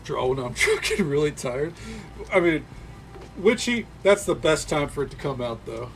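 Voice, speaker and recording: Very animated and on the high side, his fairly bright voice moves at a moderate pace over a slight hiss or hum. He's a streamer from Tennessee with a light Southern drawl, casually rambling to viewers while he plays, full of fillers.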